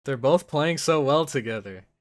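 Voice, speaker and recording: A man giving casual reaction commentary, thinking out loud with lots of fillers and breaking into loud excited exclamations. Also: medium pitch, moderate pace. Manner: thinks aloud with many fillers. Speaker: anime reaction host.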